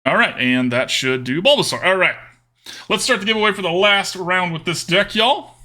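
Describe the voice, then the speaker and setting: A man talks through a live card game with a bright, sharp voice that swings widely up and down. He hams up a drawling cowboy-style accent for his viewers, joking and calling them "y'all" as he plays. His voice sits a little higher than most men's. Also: animated, normal speed. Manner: joking, chatty, talks to chat with "y'all" and "friendo". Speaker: streamer. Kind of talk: live-stream commentary while playing a card game.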